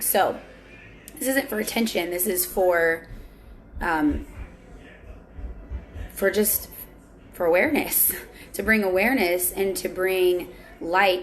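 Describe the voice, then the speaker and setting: A young woman talking candidly on her vlog, earnest and confessional, often restarting her sentences. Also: on the low side. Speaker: vlogger. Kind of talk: candid personal vlog talk.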